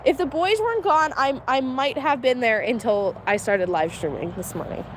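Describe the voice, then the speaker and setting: A woman's voice: sits high, lively intonation, normal speed, a little hiss or hum. A woman hosting a casual livestream outdoors at a farm, chatty and giggly, talking to her animals. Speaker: homestead mom and livestream host. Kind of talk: casual live-stream chat.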